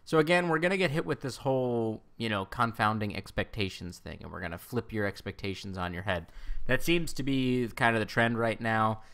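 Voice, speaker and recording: A man with a fairly low voice talks through entertainment news in a casual video commentary. He rambles and often corrects himself, with plenty of fillers. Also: brisk, a bit bright, clear, resonant tone. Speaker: Star Trek news commentator.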